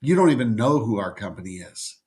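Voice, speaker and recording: A man's voice: on the low side, sing-song, fairly quick, darkish tone. A middle-aged man, a literary agent, giving emphatic and repetitive advice straight to the viewer in an educational talk. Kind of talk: direct-to-camera educational talk.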